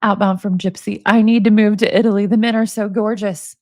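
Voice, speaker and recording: Woman, forties, casual commentary, sarcastic, mid pitch, dry close recording. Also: little pitch movement, fairly quick, a little mellow, no room sound. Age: 40s. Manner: amused, sarcastic, laughs often. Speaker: commentary host reading prison emails. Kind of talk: casual commentary, reading emails aloud.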